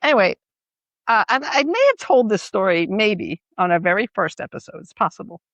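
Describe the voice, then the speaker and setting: A middle-aged woman from New York, co-hosting a podcast and telling animated, laughing stories in casual chat. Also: medium pitch, brisk, no room sound, dull audio. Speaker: podcast co-host.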